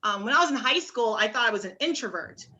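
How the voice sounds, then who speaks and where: A young woman from Oklahoma performing a stand-up comedy set on a club stage, with a halting delivery full of restarts and dry punchlines. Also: fairly high pitch, expressive, sharp tone.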